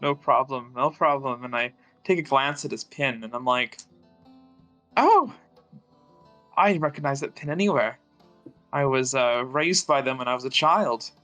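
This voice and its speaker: A man's voice: medium pitch, moderate pace, pushed and bright, soft background music, lightly acted. A man playing a young male student who charms with breezy, slightly stammering talk in a tabletop game. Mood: charming.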